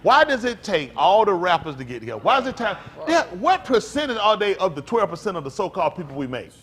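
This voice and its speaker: A man speaking as a pastor in an emphatic, preacherly talk, often building up to loud outbursts. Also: high voice, very animated, fast.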